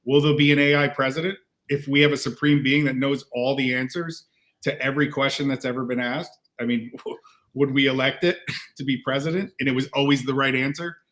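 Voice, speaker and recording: A man's voice: mid-range voice, steady tone, a little fast, a bit bright. A man in casual panel chat, musing and theorizing, often restarting his sentences.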